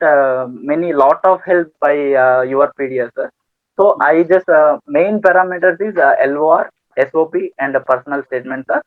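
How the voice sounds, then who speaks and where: A man's voice: a little high, no room sound. Brief: young man, hesitant interviewee, tinny video-call line. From India. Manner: hesitant, many fillers, polite "sir". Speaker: student guest. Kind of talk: interview answers. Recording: tinny phone-like call audio.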